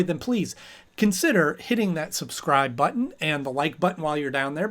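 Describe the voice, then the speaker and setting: A man hosting his channel, chatting casually in a rambling way with lots of fillers. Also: high-pitched. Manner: chatty, rambling with fillers, briefly acting out characters. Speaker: host and episode reviewer. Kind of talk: casual chat review.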